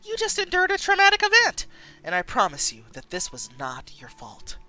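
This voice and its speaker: A woman voicing a calm, professional female hospital doctor with a steady, reassuring manner, reading a story game aloud. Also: sits high, normal speed, faint music behind, pitched above the performer's own voice, heavily acted, rough recording.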